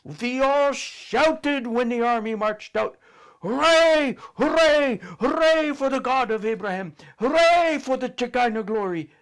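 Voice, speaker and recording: A man voicing a fervent, theatrical old grandmother telling a story, swinging from cheers to hushed whispers. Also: very high voice, steady tone, slow pace, creaky, few pauses, clean tone, voice pushed up, full character voice. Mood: rousing. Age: older.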